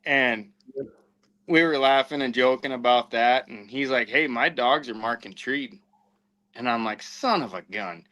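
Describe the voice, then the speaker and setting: A man's voice: mid-range voice, a little slow, rough recording. A man telling a hunting story in casual podcast chat, acting out what people said along the way. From southwestern United States. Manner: animated anecdote-telling with acted-out quotes. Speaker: podcast host and houndsman.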